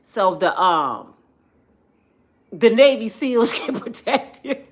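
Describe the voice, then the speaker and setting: A woman with a high voice that swoops up and down constantly, telling a comedic story on her vlog. Her talk is slangy and full of jokes and laughs. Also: slow. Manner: animated, slangy, laughing, joking. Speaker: vlogger.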